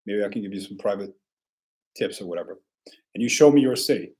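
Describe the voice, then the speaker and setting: A man hosting a casual livestream, answering viewer questions in a relaxed, rambling way with frequent restarts. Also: on the low side, fast talker.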